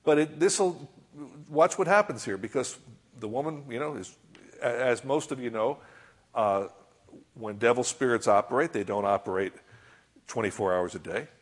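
A man's voice: mid-range voice, normal speed, husky. A man preaching a sermon in a conversational way. He reads scripture aloud, comments on it, and keeps asking his listeners rhetorical questions.

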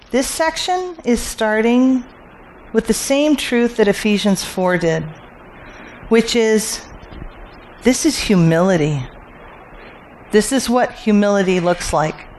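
Slow-talking bible teacher, asks questions then answers them, faint hum behind. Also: mid-range voice. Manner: repeats key phrases for emphasis.

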